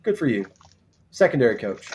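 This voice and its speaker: A man's voice: mid-range voice, very animated, a little fast, a little mellow, slight background noise. Joking male live-stream host. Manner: joking, rambling, reads things out as he looks them up. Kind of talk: casual live draft-show chat.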